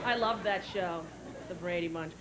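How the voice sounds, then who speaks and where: A woman in her thirties doing a stand-up routine, animated and breaking into shrill character voices and sung jingles. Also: normal speed. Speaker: stand-up comedian. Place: stage before a live audience. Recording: live show with loud audience and crowd noise. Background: audience laughter.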